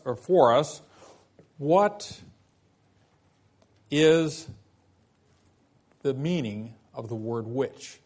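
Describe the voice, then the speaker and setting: A man teaching a Bible lesson at an unhurried, measured pace. His voice sits a little higher than most men's, and he walks through the text step by step with rhetorical questions. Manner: slow, deliberate explaining with rhetorical questions.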